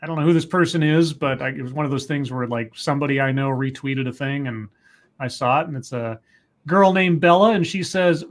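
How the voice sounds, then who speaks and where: A man's voice: mid-range voice, a little fast. A man hosting a casual podcast, joking wryly and reading out social media posts. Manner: wry, joking, reads out tweets. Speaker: podcast host. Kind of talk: casual chat.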